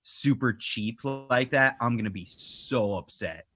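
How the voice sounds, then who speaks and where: A man's voice: mid-range voice, unhurried, bright, forceful tone, husky. A man on a live toy collecting podcast panel, speaking emphatically with frustrated complaints and many fillers. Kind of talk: casual live podcast chat.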